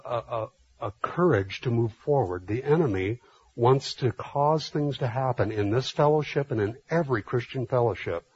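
A man's voice: fairly low pitch, husky, dry recording. A man preaching a sermon in a loose, conversational way, full of restarts and fillers. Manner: conversational, many restarts and fillers, grows animated retelling stories. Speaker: pastor. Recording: dull lo-fi sermon recording.

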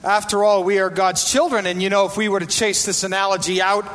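A man's voice: sits high, steady tone, brisk, a bit bright. A man preaching a sermon, putting rhetorical questions to his congregation. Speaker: pastor. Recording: reverberant hall, faint background noise.

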